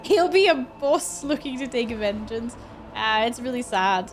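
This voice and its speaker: Over in-game music, a woman with a higher-pitched, unhurried voice livestreams a game. She chats casually with viewers, thanks those who tip, and reacts expressively, laughing often.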